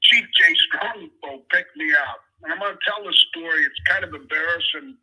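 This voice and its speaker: A man's voice: fairly high pitch, normal speed, husky, low-quality recording. An older man, a podcast guest, telling career stories in casual chat and acting out the people he quotes. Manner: animated storyteller who acts out quoted people; talks directly to the host. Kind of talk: casual interview storytelling.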